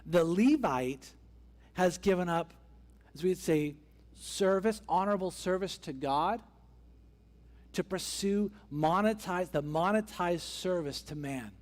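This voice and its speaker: A pastor with a voice that sits high speaks slowly as he preaches a conversational sermon, acting out the characters' voices while telling the story. He is in a church sanctuary, and the recording carries long church hall reverb.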